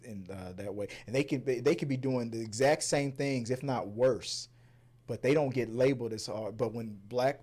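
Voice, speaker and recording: Halting, chatty man reviewing a film. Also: medium pitch. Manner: halting, repeats words, bursts of loud laughter. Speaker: movie review host. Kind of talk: casual review chat.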